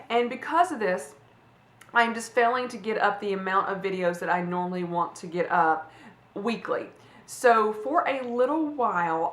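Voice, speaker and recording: A woman's voice: medium pitch, fairly bright tone. A woman in her forties, a fashion vlogger chatting casually to camera, rambling with restarts and fillers. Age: 40s. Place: room at home. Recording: echoey room.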